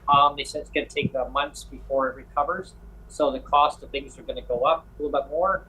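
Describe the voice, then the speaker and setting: A man's voice: mid-range voice, steady tone, fairly quick, bright, forceful tone, slight background noise, poor audio. A man rambling through a travel story in casual chat, acting out the people he met. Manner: rambling storyteller, acts out dialogue.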